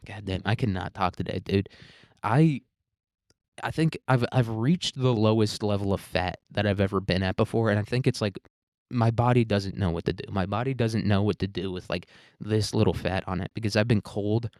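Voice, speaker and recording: A man's voice: lowish voice, moderate pace, darkish tone, dry recording, studio quality. A young man hosting a solo podcast, rambling and self-mocking with crude humor. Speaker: podcast host.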